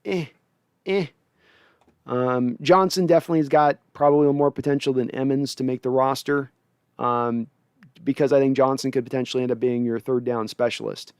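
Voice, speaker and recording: A man's voice: medium pitch, steady tone, normal speed, a little mellow, smooth, no room sound, clean studio sound. A man hosting a casual livestream, breaking down football players in a rambling way with many restarts. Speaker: host. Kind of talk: casual livestream sports analysis.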